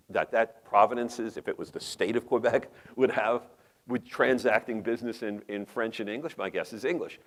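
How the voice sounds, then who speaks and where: A middle-aged man with a New York accent giving a conference lecture, emphatic, with rambling asides and rhetorical questions. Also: lowish voice. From New York metropolitan area. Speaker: conference speaker. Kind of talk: lecture presentation. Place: conference hall.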